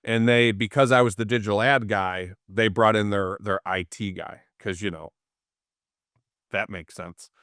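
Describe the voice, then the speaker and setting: A man's voice: on the low side, measured pace, no room sound, studio quality. A man, the guest in a casual interview, tells anecdotes and acts out the people in them. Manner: animated storyteller, acts out quoted people.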